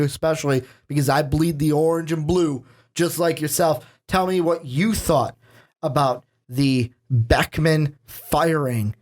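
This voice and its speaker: A man hosting a casual sports podcast, joking and asking his co-host questions. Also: fairly high pitch. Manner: joking, animated, asks questions.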